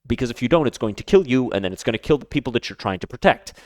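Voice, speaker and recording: A man giving casual reaction commentary, emphatic and quick to repeat himself, often stumbling and restarting his phrases. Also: mid-range voice, expressive, a little mellow, no echo, studio quality. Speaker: streamer reacting to a video.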